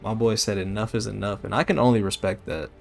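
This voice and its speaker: A man streaming a video game, giving casual commentary in a slangy, excitable way. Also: lowish voice, quick pace, creaky, faint music behind.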